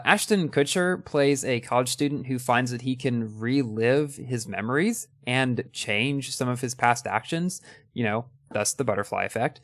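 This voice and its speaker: A man's voice: medium pitch, gravelly, dry recording. Young man ranking films in a dry room. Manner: enthusiastic, fillers and restarts. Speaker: movie ranking host. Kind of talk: casual movie ranking commentary.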